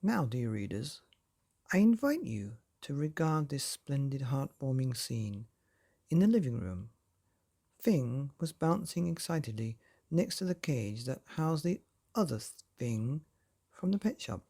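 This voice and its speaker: A man's voice: medium pitch, sing-song, a little slow, creaky, dark tone. A man hosting a bedtime story podcast, reading a chapter aloud in a cosy, theatrical storytelling manner. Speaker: bedtime story narrator and host.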